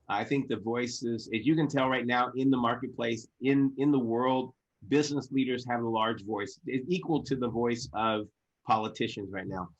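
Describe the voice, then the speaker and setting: Guy hosting an online summit, gushing and praising, keeps repeating himself, mid pitch, kinda dull lo-fi audio. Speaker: host. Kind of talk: fervent motivational talk.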